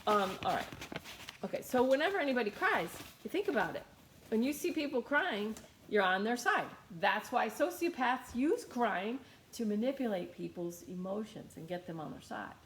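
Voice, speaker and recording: A woman's voice: a little high, lively intonation, normal speed, reverberant, a little hiss or hum. Chatty woman leading a meditation. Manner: casual, chatty, repeats phrases. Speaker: meditation teacher. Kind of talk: guided meditation talk.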